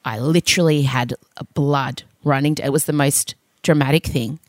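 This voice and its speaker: A woman's voice: sits low, fairly even intonation, normal speed, dry recording. A woman, co-hosting a chat podcast and telling a story with dramatic, wry humor. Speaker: podcast co-host.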